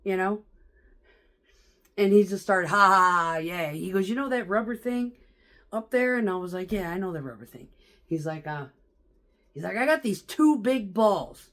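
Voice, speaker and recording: A woman's voice: medium pitch, expressive, normal speed, pauses often, a bit bright. A middle-aged woman telling stories in a casual vlog, chatty and profane, laughing often. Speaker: vlogger.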